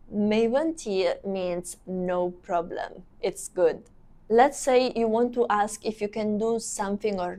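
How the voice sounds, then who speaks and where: A woman's voice: on the high side, a little mellow. A young woman teaching a language in a video lesson, explaining patiently and repeating example phrases.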